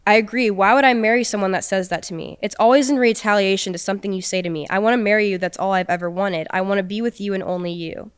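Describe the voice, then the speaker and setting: A woman's voice: medium pitch, fairly even intonation, fast talker, hardly any pauses, clear, resonant tone. A young woman on a podcast, casually recounting a personal story and quoting what was said. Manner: recounting with quoted dialogue. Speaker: podcast guest.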